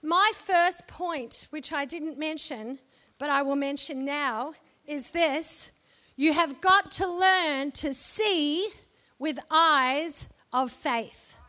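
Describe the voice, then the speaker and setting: A woman delivering a sermon, talking to the congregation with humorous asides and rhetorical questions. Her voice is high and bright. She takes her time and lets each line land. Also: slow. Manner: conversational preaching with humorous asides. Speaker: preacher.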